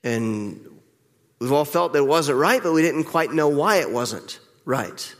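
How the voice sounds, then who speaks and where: A middle-aged male pastor preaching a candid, reflective sermon with pauses, heard with the long reverb of a church hall. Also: fairly high pitch, expressive. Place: church sanctuary.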